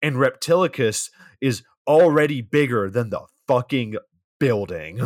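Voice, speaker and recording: A man's voice: mid-range voice, unhurried, no room sound, studio quality. A man co-hosting a casual podcast, recapping a bad movie scene by scene in a rambling, profane, wry way. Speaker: podcast co-host.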